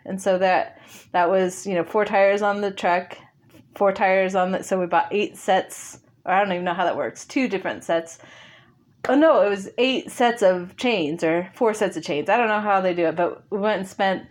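A woman's voice: medium pitch, moderate pace. A woman guest in an interview, telling a story casually, laughing often and acting out bits of dialogue.

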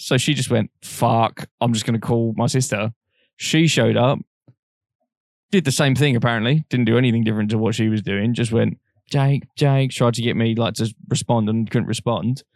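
A man's voice: mid-range voice, steady tone, moderate pace, no echo, clean studio sound. A young man telling a frank personal story on a podcast, swearing freely and acting out the voices of people he quotes. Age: young adult. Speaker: podcast co-host. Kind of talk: casual storytelling chat.

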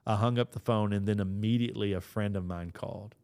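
A man with a somewhat low voice tells a personal story as a podcast host. He speaks earnestly and conversationally, doubling back on words and restarting phrases as he goes. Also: steady tone, fast talker, a little mellow.

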